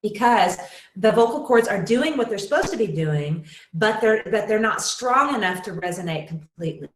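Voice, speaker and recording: A woman teaching a singing lesson in a webinar, explaining exercises and demonstrating with short sung syllables. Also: medium pitch. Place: room with echo. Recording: roomy echo.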